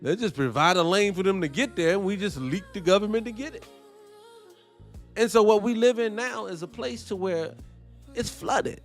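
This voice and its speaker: High-pitched male host, preachy and blunt, faint music under him. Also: moderate pace. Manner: preachy, blunt, profane street talk. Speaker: morning show host. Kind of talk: impassioned monologue.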